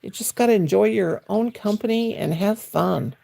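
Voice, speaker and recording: A woman's voice: mid-range voice, normal speed, vocal fry, dark tone. An older woman, chatting folksily on her crochet livestream from her chair at home, answering viewers' comments. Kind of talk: casual livestream chat.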